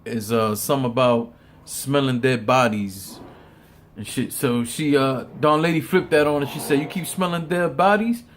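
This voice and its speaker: A man's voice: mid-range voice, normal speed, slight background noise. A man giving casual, profane opinion commentary on a battle rap, stumbling over repeated words and laughing often.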